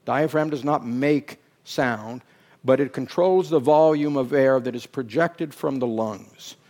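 A middle-aged man preaching a sermon, dropping to hushed, drawn-out phrases and then climbing into loud, emphatic bursts. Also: medium pitch. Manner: slow, drawn-out words for emphasis.

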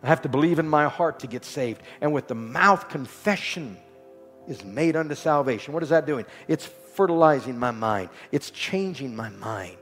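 Man preaching in a big echoey hall, soft music underneath, repeats lines over and over. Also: mid-range voice, animated, normal speed. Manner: rhythmic repetition, rising to exhortation then dropping soft. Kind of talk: sermon. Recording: long hall reverb with faint music.

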